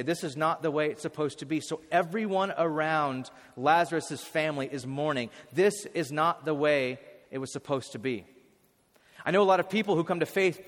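A man preaching a sermon in an animated way, with sudden loud bursts and frequent restarts. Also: on the high side. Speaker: pastor. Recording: hall reverb.

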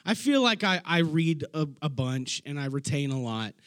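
A man preaching a casual, animated sermon, retelling Bible stories in everyday slang. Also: a little high, normal speed, clean tone. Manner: animated storytelling, acting out Bible figures in slangy voices.

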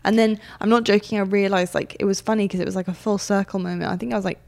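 A woman's voice: mid-range voice, fast talker, creaky. A woman co-hosting a podcast in casual chat, telling stories with a lot of animation and laughing often. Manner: animated storyteller, laughs often, acts out her own past lines. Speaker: podcast co-host.

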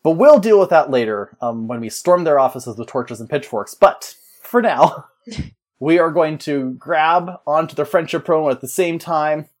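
A man co-hosting a podcast, chatting casually in a joking, rambling way and laughing often. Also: on the high side. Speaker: podcast co-host.

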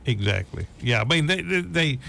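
A man's voice: medium pitch, big pitch swings, vocal fry, bright, forceful tone, a little hiss or hum. Folksy man in casual political chat. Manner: folksy, repeats himself, drawn-out phrasing.

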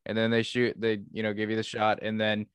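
A man's voice: lowish voice, monotone, a little fast, fairly bright tone, smooth, no echo. A young man co-hosting a podcast, chatting casually, laughing often and joking at his own expense. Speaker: podcast co-host. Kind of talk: casual chat.

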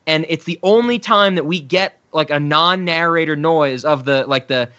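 Man, casual chat, animated retelling, bright tense voice, slightly high, dull sound. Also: normal speed.

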